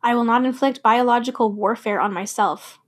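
A woman's voice: on the high side, fairly quick. Emphatic woman speaking on sobriety. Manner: emphatic, repetitive affirmations, swears freely. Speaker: podcast host. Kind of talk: personal sobriety talk with spoken-word poem.

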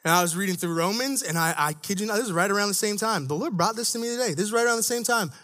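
A young man giving a conversational, animated sermon as a church staff speaker, dropping into low asides and rising for emphasis. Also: very fast.

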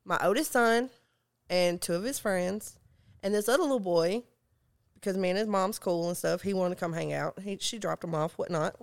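A woman, telling funny stories as a guest in a casual chat, growing animated as she retells them. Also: moderate pace, gravelly. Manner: animated, rises high when retelling her own shouting.

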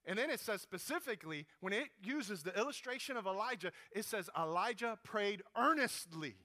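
A man preaching a sermon, retelling a story with animated, dramatized prayers, rising to pleading and dropping to a hush. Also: high-pitched, moderate pace.

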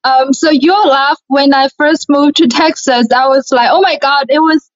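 A young woman from China with a Chinese accent, talking earnestly and brightly as an interview guest. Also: high-pitched, steady tone, normal speed. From Shanghai, China. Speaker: guest, beauty pageant winner. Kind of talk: casual interview talk. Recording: lo-fi recording.

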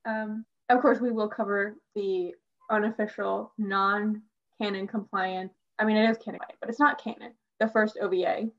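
A young woman co-hosting a podcast, chatting excitedly as a fan, laughing and filling her talk with "like". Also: medium pitch, moderate pace. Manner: excitable, laughing, heavy use of "like". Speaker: podcast co-host. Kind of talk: casual fan chat. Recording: dull lo-fi sound.

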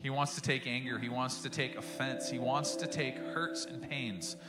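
A man's voice: mid-range voice, steady tone, moderate pace, roomy sound, loud music behind the voice. A man preaching a sermon as pastor, telling a story with passion and acting out the quotes.

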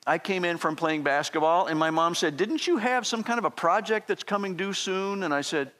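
A man's voice: sits high, brisk, a bit bright. A middle-aged man preaching a sermon, joking and self-deprecating, acting out the voices of the people in his stories. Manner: jokey, self-deprecating, acts out quoted voices. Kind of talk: sermon with humorous personal stories.

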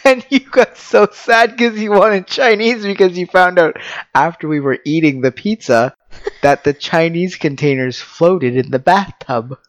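A man chatting casually with his wife on a vlog, laughing often as he tells an animated story. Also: high-pitched, a little slow, no room sound. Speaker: vlogger, husband. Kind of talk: casual couple chat.

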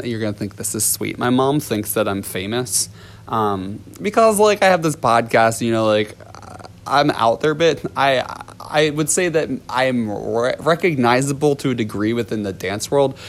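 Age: adult. Gender: man. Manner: rambling, chuckling. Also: medium pitch. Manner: rambling, many fillers and restarts, chuckling often. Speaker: podcast host and ballet teacher. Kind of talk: casual storytelling.

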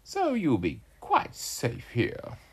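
A woman voicing a sly, scheming male house cat in a storybook read aloud to a child, drawing the words out slowly and coaxingly. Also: very deep voice, huge pitch swings, pitched above the performer's own voice, exaggerated voice. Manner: slow, smooth and coaxing.

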